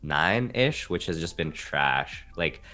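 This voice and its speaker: Deep-voiced young man chatting loosely. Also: expressive, slow pace, bright, forceful tone, soft background music. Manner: loose, rambling, slangy. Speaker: podcast guest. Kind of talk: casual chat.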